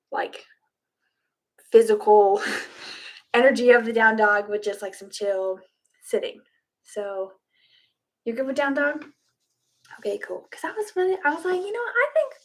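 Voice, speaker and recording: Giggly, chatty woman yoga teacher, higher voice. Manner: chatty, giggly, talks to her cats. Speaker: yoga instructor. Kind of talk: casual chat before a live online class.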